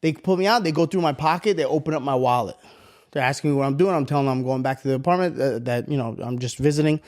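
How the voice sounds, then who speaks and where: A man co-hosting a podcast, telling a long story in a casual, profane, animated way. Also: a little high, fast talker. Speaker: podcast co-host.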